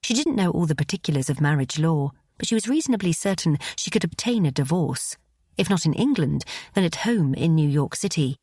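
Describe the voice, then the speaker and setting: A woman narrating an audiobook in a measured, even storytelling delivery, recorded close on a studio mic. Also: sits low, husky, dry recording.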